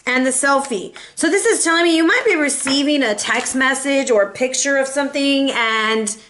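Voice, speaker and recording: A woman giving a casual tarot reading, chatty and expressive, with playful asides to her viewers. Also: high voice, normal speed, slight background noise. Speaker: tarot reader.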